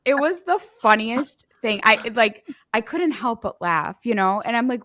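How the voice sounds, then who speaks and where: A woman's voice: fairly high pitch, animated, a little slow, fairly bright tone, no room sound. A woman in her forties in casual podcast chat, telling a family story with frequent laughter. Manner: chatty, laughs often while telling stories.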